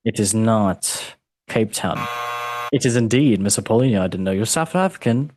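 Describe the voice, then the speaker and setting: Lowish-voiced guy hosting a quiz, jokey, keeps saying mate. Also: lively intonation, moderate pace, background noise. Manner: playful, teasing, uses mate and brother. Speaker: podcast host and quizmaster. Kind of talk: casual podcast chat.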